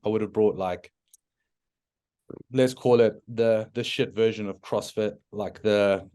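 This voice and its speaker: A man's voice: lowish voice, clear, resonant tone. South African man telling his story. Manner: frank and animated, many restarts and "like" fillers. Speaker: podcast guest. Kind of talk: casual storytelling interview.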